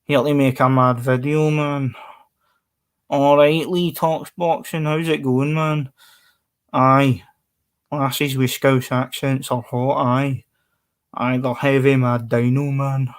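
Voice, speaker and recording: A man putting on a brash, gruff Glaswegian man's voice with a low, drawn-out delivery. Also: little pitch movement, lightly acted. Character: rough-talking Glasgow man, brash and blunt.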